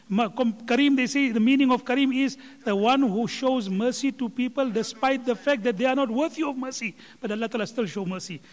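Male preacher, high-pitched, emphatic repetition, hall reverb. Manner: emphatic, repetitive counting for effect. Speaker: Islamic speaker. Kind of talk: sermon retelling a scholar's talk.

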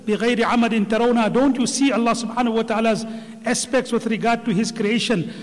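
A man's voice: very high voice, fast, in a large hall. A man giving earnest religious commentary, reciting Arabic verses with emphasis. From Indian subcontinent. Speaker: religious speaker.

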